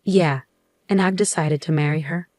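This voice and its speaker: A woman's voice: sits low, normal speed, a little mellow, no room sound, close to an everyday voice. A woman voicing a blunt, matter-of-fact husband in a narrated story. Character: blunt cheating husband, adult man.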